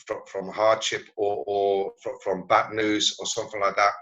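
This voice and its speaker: A man giving a presentation over a video call, halting and searching for his words as he goes. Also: lowish voice, little pitch movement, fairly bright tone, highs cut off. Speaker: presenter at a learning network meeting. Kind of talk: online meeting presentation.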